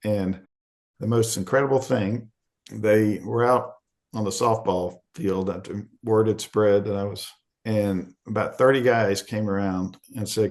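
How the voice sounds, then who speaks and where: Man from Arkansas, middle-aged, podcast guest, low voice, gravelly, candid storytelling. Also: steady tone, unhurried, darkish tone. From Arkansas, USA. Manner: candid, conversational, acts out quoted voices.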